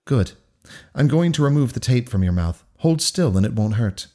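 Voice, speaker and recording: A man reading the part of a calm, menacing male kidnapper who speaks with cold, formal politeness. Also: mid-range voice, lightly acted. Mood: cold polite. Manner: measured, courteous, coldly formal.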